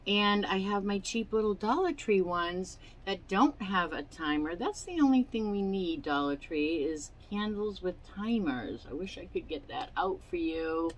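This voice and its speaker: A woman with a medium-pitched, expressive voice talks a little slowly with few pauses, over poor audio carrying some hiss or hum. She hosts a crafting channel from her home, showing off products in a chatty, rambling way full of fillers and hiccups.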